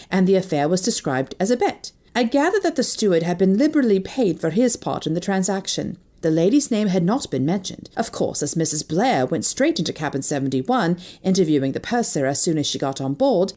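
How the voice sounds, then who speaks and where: A woman narrating a novel in the first person, expressive and lively as she reads. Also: fairly low pitch. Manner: expressive, lively character voicing. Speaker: audiobook narrator.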